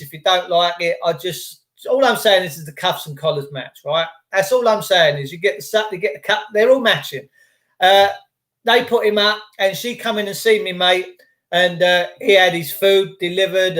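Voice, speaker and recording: A man's voice: sits high, fairly bright tone. A middle-aged English man ranting casually to live-stream viewers in a blunt, sweary, conspiratorial way.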